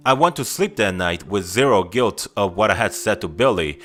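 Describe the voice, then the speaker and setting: A man reading first-person scary stories aloud in a steady, grim, confessional storytelling manner. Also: lowish voice, moderate pace, soft background music.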